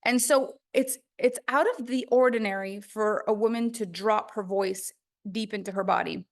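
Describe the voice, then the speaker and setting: A woman teaching a course on the voice in a casual, chatty way, full of "like" fillers. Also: mid-range voice. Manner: chatty, conversational, many "like" fillers.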